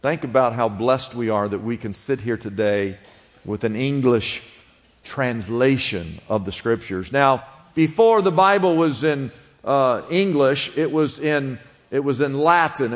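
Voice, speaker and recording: A man's voice: medium pitch, unhurried, in a large hall. A man preaching a sermon, explaining a word in a conversational teaching manner and prompting the congregation to repeat after him. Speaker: pastor.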